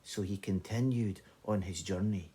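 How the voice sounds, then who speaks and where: A Scottish man telling an old folk tale in a lively, conversational way. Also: deep voice, normal speed, husky. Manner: animated, conversational narration. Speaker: storyteller. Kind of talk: oral folk-tale storytelling.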